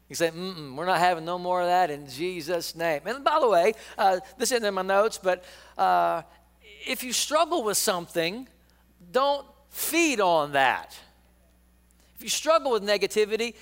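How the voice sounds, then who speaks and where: High, smooth-voiced middle-aged man preaching. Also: fairly bright tone, in a large hall. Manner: folksy and joking, calls the congregation to repeat lines. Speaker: pastor. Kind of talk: sermon.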